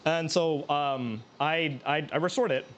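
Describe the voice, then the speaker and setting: A man's voice: fairly high pitch, unhurried, a bit bright, dull audio, slight background noise. A man who streams himself cooking, chatting casually in a rambling, self-mocking way and laughing often. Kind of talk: casual live-stream chat while cooking.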